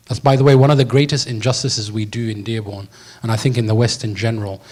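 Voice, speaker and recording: A man's voice: fairly low pitch, fast talker. Man preaching a story-driven sermon. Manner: lively storyteller, slips into slangy voices for quoted characters.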